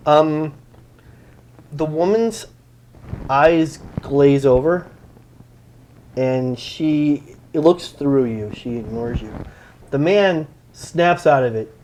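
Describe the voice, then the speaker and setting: A man narrating as game master of a tabletop role-playing game, relaxed and halting, often laughing. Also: a little high, slight background noise. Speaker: dungeon master.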